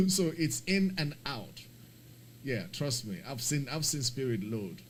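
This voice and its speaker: A man's voice: medium pitch, normal speed, a little hiss or hum. A man streaming a flight simulator, chatting casually and talking himself through the setup, apologetic and rambling, getting emphatic and laughing when he rants. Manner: animated, emphatic when ranting, laughs often. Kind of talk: casual live-stream commentary.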